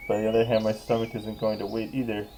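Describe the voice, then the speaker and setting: A man's voice: lowish voice, flat delivery, fast talker, dark tone, a little hiss or hum, rough recording. A man casually reading a visual novel aloud, often laughing and breaking off to joke. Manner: giggly, reads narration aloud and breaks off to joke. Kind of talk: casual let's play commentary.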